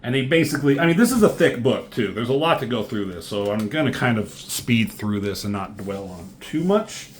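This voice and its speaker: Male comic reviewer, mid-pitched, loose and rambling, filler-heavy, casual cursing. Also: big pitch swings, a little fast, hardly any pauses, a little hiss or hum. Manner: rambling, lots of ums and likes, swears casually.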